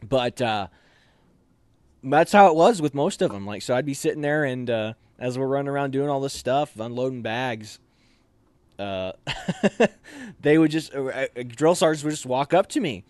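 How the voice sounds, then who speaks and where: A man with a mid-range voice, an officer candidate, is being interviewed casually and tells a story at normal speed, pausing often. He is animated, uses many fillers, and acts out the voices of the people he quotes. The recording is dry.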